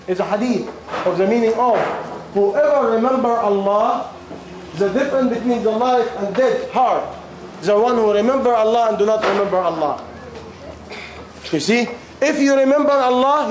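Male teacher, high pitch, repeats questions in broken English, voice going; distant mic in a noisy, echoing room. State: losing his voice. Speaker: religious teacher. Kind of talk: question-and-answer class talk. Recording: very echoey room, far from the mic, ambient noise.

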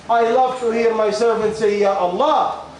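A man preaching a sermon, quizzing his audience with repeated questions, his voice going hoarse. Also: high-pitched, fairly even intonation, normal speed. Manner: questioning, repetitive, coaxing the audience. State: losing his voice. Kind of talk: sermon with call and response. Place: large echoey hall with audience. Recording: very echoey hall, faint noise.

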